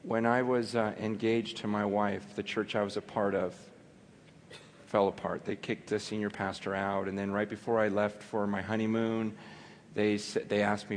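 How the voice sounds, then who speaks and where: A male pastor preaching a sermon, impassioned, building to near shouts and then dropping low and quiet. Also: steady tone, moderate pace, a little hiss or hum. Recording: long hall reverb.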